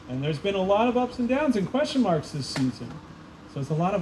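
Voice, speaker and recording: A man coach speaks at a school ceremony with a somewhat higher voice, telling stories and acting out the people in them. Faint room ambience sits behind him. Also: brisk, a little hiss or hum, rough recording. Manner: animated storytelling with voiced quotes. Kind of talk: ceremony speech with anecdotes. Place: school event space.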